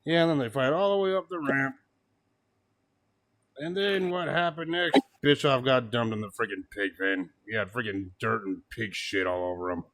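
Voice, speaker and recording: Brief: male co-host, bright tone, animated casual recap, swears, laughs a lot. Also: mid-range voice, normal speed. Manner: animated, swears, laughs often, mocks quotes. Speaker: podcast co-host. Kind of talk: casual wrestling review chat.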